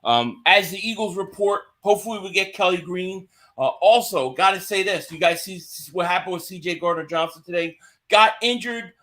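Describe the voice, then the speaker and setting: Casual stream host, male, higher register, bright edge, chatty and greeting the chat. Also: moderate pace. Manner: chatty, greets viewers by name. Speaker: livestream host. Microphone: home streaming mic.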